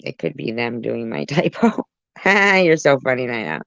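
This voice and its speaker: Sarcastic woman with a gravelly voice. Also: extremely low pitch, sing-song, moderate pace, no echo. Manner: sarcastic, mocking asides. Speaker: commentary channel host. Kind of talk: reaction commentary. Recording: muffled lo-fi audio.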